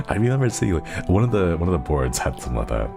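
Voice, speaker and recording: A man's voice: low-pitched, creaky. A male streamer chatting casually, tender and giggly, easily moved. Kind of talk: casual live-stream chat. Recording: background music under the voice. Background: soft background music.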